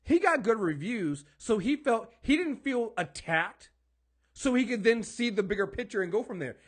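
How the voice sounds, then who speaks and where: A man's voice: high-pitched, lively intonation, normal speed. A man co-hosting a podcast, ranting in casual chat, emphatic and swearing, often stumbling over repeated words. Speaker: podcast co-host. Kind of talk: heated casual podcast rant.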